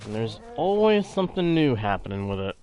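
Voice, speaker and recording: A man giving casual, chatty commentary while playing a video game, talking to viewers in chat in a playful, animated way. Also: mid-range voice, brisk, faint music behind. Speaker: gaming channel host. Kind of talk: casual let's-play commentary.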